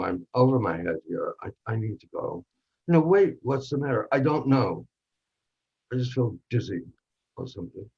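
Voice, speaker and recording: A man in a workshop reading, playing a narrator who recalls a charged night with a film actor, telling it intimately and dropping to a hush at tense moments. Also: on the low side, creaky, slightly rough, full character voice. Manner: intimate, drops to hushed tones for tense moments. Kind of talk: dramatic monologue reading. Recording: dull lo-fi recording.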